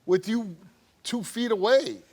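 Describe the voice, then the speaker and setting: A man's voice: sits high, slow pace, a little mellow. A man hosting a talk show, asking a guest direct, probing questions.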